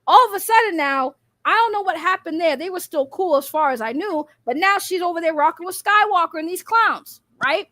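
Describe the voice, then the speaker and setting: A woman's voice: very high voice, animated, a little fast, hardly any pauses, a bit bright, dry recording. A woman streamer calling out her critics in a blunt, profane, mocking rant, laughing between jabs. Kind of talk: casual rant.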